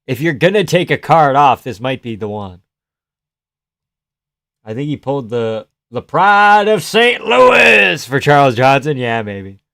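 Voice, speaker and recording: A man's voice: medium pitch, very animated, measured pace, creaky, sharp tone. A man live-streaming casual commentary while watching fights, blunt, sarcastic and swearing freely.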